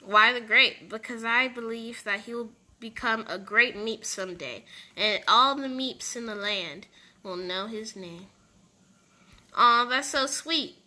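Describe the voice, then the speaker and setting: A woman talks through a playful game roleplay, hopping between character voices. Her voice sits high and sounds strikingly bright, and she takes her time with each line. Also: a little slow. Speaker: roleplay narrator voicing characters.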